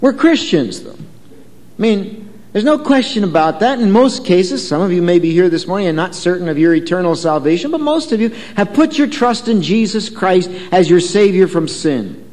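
A man's voice: high-pitched, lively intonation, normal speed, darkish tone, long reverb tail. A man preaching a sermon in a conversational way, telling a story and asking the congregation questions. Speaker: pastor.

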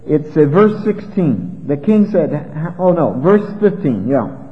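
A man preaching an expository sermon, retelling a Bible story in a conversational, animated way. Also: a little high, slow. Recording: dull lo-fi with long reverb.

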